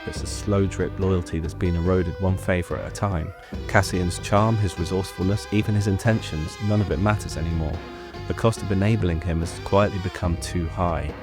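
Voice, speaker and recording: A man giving a scripted, measured breakdown of a TV episode, with some rambling off-script asides. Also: low-pitched. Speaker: show commentator. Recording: voice over clear guitar music.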